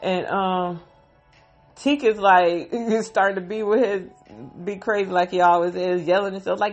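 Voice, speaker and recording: A woman's voice: medium pitch, fairly even intonation, moderate pace, soft background music. Emotional woman recapping a TV episode. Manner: emotional, sighing, heartfelt retelling. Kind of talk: casual spoken episode recap. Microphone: phone.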